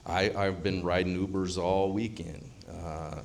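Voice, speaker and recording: A man's voice: low-pitched, little pitch movement, a little slow, gravelly, slight background noise. A man, talking casually and profanely to a live seminar audience, rambling and joking as he goes. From US Midwest. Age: 50s. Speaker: seminar attendee speaking.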